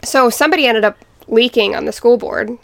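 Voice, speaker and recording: A young woman guest telling a painful personal story in a podcast interview, halting and restarting as she recalls what happened. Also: on the high side, creaky, fairly bright tone. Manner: halting, restarts, quotes family members.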